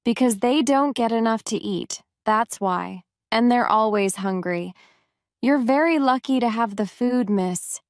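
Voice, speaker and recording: A woman reading aloud plays a kind, talkative young servant girl who chats warmly and gently scolds the child in her care. Her fairly high voice is smooth and clear, and she speaks at an unhurried pace. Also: no echo, studio quality. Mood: chatty.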